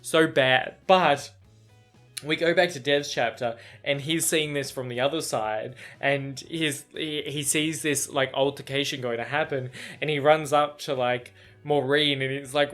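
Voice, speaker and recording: A man's voice: on the high side, unhurried, fairly bright tone, faint music behind. A man chatting casually in a reaction vlog about a book chapter, rambling with lots of fillers, restarts and swearing.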